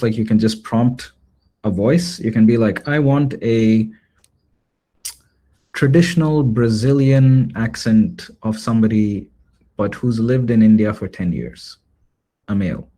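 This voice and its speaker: A man teaching a live online class, explaining a demo casually with frequent pauses and filler words. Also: fairly low pitch, dark tone. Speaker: workshop instructor.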